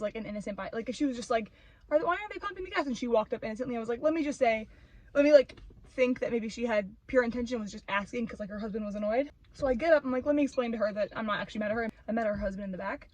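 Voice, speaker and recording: A woman of twenty-one telling a story as an animated, profane rant, full of filler "like". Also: a little high, no echo, low-quality recording. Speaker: vlogger. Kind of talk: ranting storytime.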